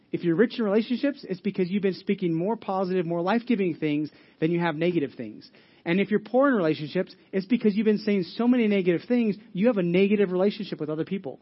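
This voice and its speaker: High-voiced male pastor, lo-fi recording. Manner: earnest, repeats and restarts phrases, asks the audience questions. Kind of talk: conversational sermon.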